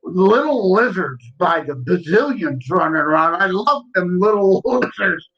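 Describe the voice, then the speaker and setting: A man's voice: high-pitched, animated, measured pace, a bit bright, dull audio. A man chatting easily on a podcast, drifting from one small aside to the next. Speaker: podcast guest. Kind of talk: casual chat.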